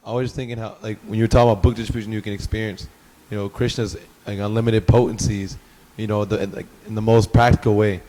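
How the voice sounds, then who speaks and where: Young guy rattling off a story super fast, slangy, lotta "like" and "bro". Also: on the low side, little pitch movement, dark tone, long reverb tail, poor audio. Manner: slangy, laughing, full of "like" and "bro". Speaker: class participant. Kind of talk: animated storytelling.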